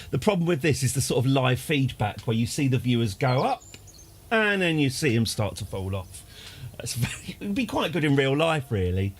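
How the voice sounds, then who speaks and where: Husky man, rambling streamer. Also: mid-range voice. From United Kingdom. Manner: chatty, self-deprecating, prone to rants and restarts. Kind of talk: rambling live game commentary.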